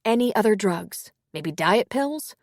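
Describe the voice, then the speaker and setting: A woman voicing a female emergency dispatcher who asks questions in a steady, methodical way. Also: medium pitch, measured pace, no echo, studio quality, voice pushed up.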